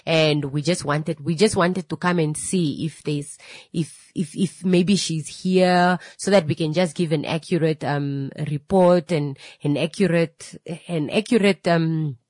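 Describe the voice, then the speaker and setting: A woman's voice: deep voice, steady tone, measured pace, a little mellow, no room sound. A woman voicing a polite police officer who explains at length and hesitates. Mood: procedural. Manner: formal, over-explaining, hesitant. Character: polite procedural police officer questioning a family.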